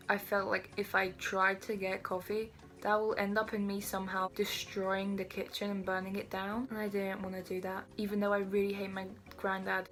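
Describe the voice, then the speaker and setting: A woman's voice: mid-range voice, a bit bright. A teenage girl telling a casual storytime, rambling along with self-deprecating asides. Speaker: vlogger.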